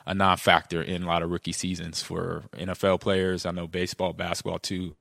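Speaking a little fast with some vocal fry, this former football player turned podcast co-host is middle-aged and tells stories in a relaxed, chatty way. His pitch leaps as he acts out quotes with animation, all captured in a dry recording.

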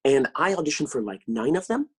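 A man talking as a podcast guest, telling animated stories and acting out the lines he quotes. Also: a little high, brisk, husky. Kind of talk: casual interview chat.

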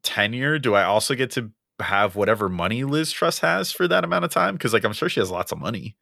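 A young man co-hosting a casual podcast chat, halting and full of ums and uhs, chuckling often. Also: lowish voice, lively intonation, gravelly, pushed and bright. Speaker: podcast co-host.

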